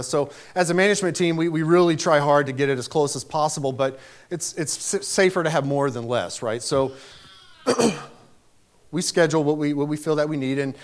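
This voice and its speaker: High-voiced man preaching a sermon. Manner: emphatic storytelling, rising to raised exclamations.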